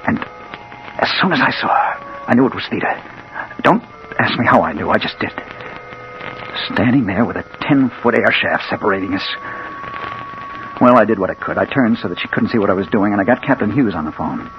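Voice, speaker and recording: A hard-boiled crime reporter narrating his story, played by an actor, his voice lively and swinging between hushed and urgent. It is 1940s radio acting on a dull old broadcast with clear hiss behind it. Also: lowish voice, a little fast, long pauses, natural voice. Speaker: narrator and lead.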